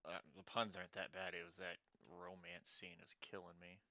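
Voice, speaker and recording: A man's voice: sits low, flat delivery, moderate pace, sharp tone, no room sound. A male streamer reading game dialogue aloud and adding wry, cursing asides. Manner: wry, swearing, self-mocking asides. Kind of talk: let's play, reading game text aloud. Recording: dull lo-fi sound with faint music.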